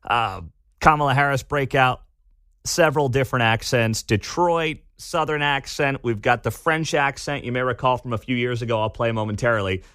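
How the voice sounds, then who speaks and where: A man hosting a talk radio show, giving animated, sarcastic commentary from a studio. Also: medium pitch, normal speed, clean tone, dry recording.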